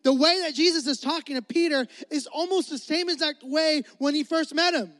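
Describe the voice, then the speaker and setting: A young man delivers a sermon in a relaxed, conversational way, slipping into bits of dialogue as he tells the story. His voice sits unusually high. The sound is dry and close, with no room echo. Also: a little fast, few pauses. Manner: conversational preaching, acts out dialogue. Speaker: pastor.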